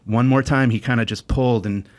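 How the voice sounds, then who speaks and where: A man's voice: medium pitch, a little fast. A man telling a comic story in casual chat, acting out the other people in it and laughing as he goes. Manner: animated storyteller acting out quoted voices, laughs often. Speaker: comedian guest.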